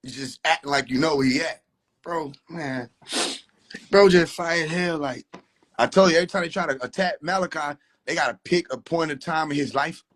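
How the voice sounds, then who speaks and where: A man's voice: fairly high pitch, a little fast, a bit bright, husky. A young man giving casual reaction commentary, joking, swearing freely and laughing often. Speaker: commentary creator.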